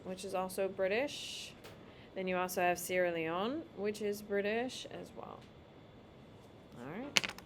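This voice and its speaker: A woman's voice: mid-range voice, a bit bright, slight background noise. A woman teacher giving a casual, emphatic classroom lecture while drawing on a map.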